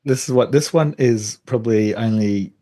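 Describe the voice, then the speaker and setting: A man co-hosting a podcast, talking in a relaxed, hesitant way with lots of fillers. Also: lowish voice, moderate pace, no echo. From Australia. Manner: relaxed, hesitant with many fillers, laughs easily. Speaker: podcast co-host. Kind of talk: casual chat.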